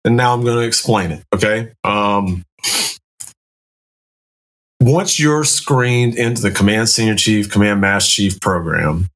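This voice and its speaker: A man with a fairly low voice, a Navy command master chief on a podcast. He explains his points in a blunt, profane, step-by-step way, and the talk is relaxed and conversational. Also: a little slow, long pauses. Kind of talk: casual podcast chat.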